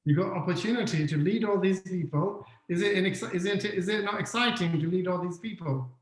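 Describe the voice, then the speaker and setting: Guy with a fairly high voice teaching a webinar, keeps asking the audience stuff, echoey room. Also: a little fast. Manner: questions the audience often, repeats key points. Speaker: webinar speaker on leadership. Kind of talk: interactive online lecture.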